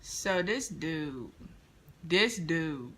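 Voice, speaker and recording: A young woman in a casual storytime vlog, retelling an encounter with lively slang and quoted dialogue. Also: sits low, drawn-out words, a little hiss or hum. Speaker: vlogger. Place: indoors near a street, car noise outside.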